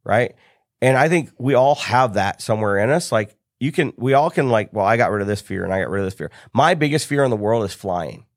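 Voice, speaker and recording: Speaking briskly at a medium pitch, this middle-aged man from the United States is a business coach guesting on a podcast. He relays a story casually, performing the quoted dialogue of its characters with animation. There's no room sound, just a clean studio recording.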